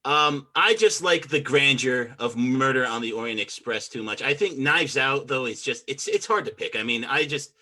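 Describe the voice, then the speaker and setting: A man with a bright, forceful voice chairs a casual podcast film debate. He keeps it relaxed and enthusiastic and fills his talk with "like" and "you know." His voice sits in an ordinary middle range. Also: mid-range voice, moderate pace, few pauses.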